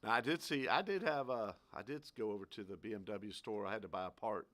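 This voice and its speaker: A man's voice: on the low side, quick pace, fairly bright tone. A man co-hosting a casual radio talk show, chatty and easily amused, asking questions.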